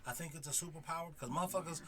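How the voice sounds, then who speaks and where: A man's voice: on the high side, rapid-fire, a bit bright, slight background noise. A man in his forties co-hosting a casual podcast chat, blunt and profane, often laughing. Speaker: podcast co-host.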